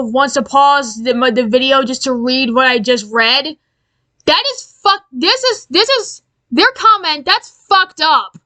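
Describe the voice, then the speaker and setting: A woman giving an angry, profane commentary rant, exasperated and halting with many restarts. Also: high voice, sharp tone. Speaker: aviation commentary YouTuber.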